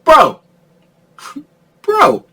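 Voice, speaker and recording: Hyped guy ranting about a movie, bright voice, laughing and cussing the whole way. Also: extremely high pitch, drawn-out words. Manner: excitable, laughs often, swears freely. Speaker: movie reviewer. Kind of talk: casual review rant.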